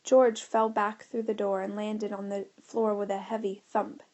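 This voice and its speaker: A woman narrating a children's adventure audiobook in a lively storytelling manner. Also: mid-range voice, unhurried. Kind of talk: scripted narration.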